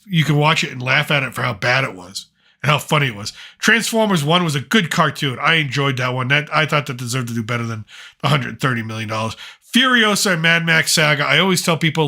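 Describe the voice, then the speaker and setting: A man's voice: a little high, sing-song, brisk, creaky, bright, forceful tone. A middle-aged man hosting a casual chat, rambling and opinionated with plenty of fillers. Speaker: podcast host, father.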